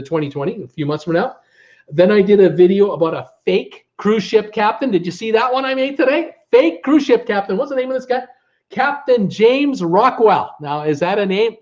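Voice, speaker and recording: Middle-aged Canadian man, fairly high voice, folksy and exasperated live-stream host, dull lo-fi tablet audio. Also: darkish tone. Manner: folksy and exasperated, with frequent uh fillers. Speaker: travel vlog host. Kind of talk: casual live-stream chat.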